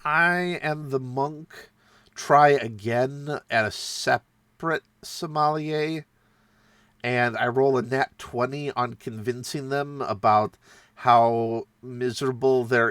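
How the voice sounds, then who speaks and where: Brief: a man recapping a game night in a loose, self-mocking way, bright timbre, dead-dry mic. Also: medium pitch, slow, no echo. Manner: rambling, self-mocking, laughs while telling. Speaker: tabletop game player recounting a session. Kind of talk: casual storytelling.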